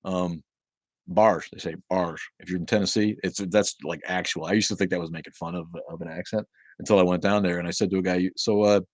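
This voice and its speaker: A man's voice: low voice, steady tone, fast talker, no echo. A middle-aged man hosting a livestream, chatting casually with viewers and rambling profanely between their comments. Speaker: livestream host reading viewer chat.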